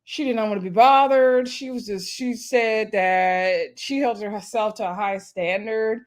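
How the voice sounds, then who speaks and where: A woman's voice: mid-range voice, a little slow. A woman casually recapping a reality show episode, laughing often and acting out what the cast said. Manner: chatty, laughs often, lively retelling with voiced quotes.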